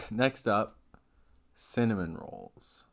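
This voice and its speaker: A man's voice: fairly low pitch, drawn-out words, fairly bright tone. A young man co-hosting a podcast, chatting casually with a dry, offbeat sense of humor. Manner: dry, offbeat jokey delivery. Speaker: podcast co-host. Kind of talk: casual chat.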